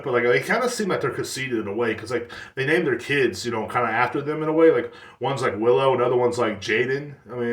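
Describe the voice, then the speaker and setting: A man's voice: medium pitch, fairly bright tone. Male podcast host, solo rant; loose and profane with constant fillers, medium voice, echoey room. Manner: profane, rambling, heavy on "like" fillers.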